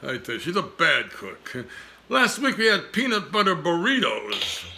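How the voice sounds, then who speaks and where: A man's voice: a little high, wildly swooping pitch, gravelly, bright, forceful tone, slight background noise, pitched above the performer's own voice, exaggerated voice. A man doing a wisecracking hard-luck comedian who gets no respect, firing off gag one-liners. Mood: complaining. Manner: rapid gag one-liners, "I tell you". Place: home lanai porch.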